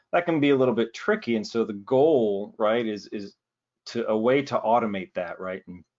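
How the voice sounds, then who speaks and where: A man giving a casual, joking technical demo over a video call, often tossing in a quick "right?". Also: lowish voice, highs cut off. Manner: easygoing, joking, peppers speech with "right?". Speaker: presenter.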